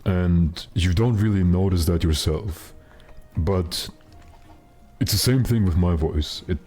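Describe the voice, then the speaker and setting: A young man with a remarkably low, deep voice and a dark, mellow tone, chatting loosely while he plays. He rambles, jokes and swears, stringing thoughts together with plenty of ums and uhs, and faint music sits under his talk. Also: takes it slowly, breathy edge. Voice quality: naturally very deep voice. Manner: rambling, joking, profane, many fillers. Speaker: streamer. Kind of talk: casual game-stream chat.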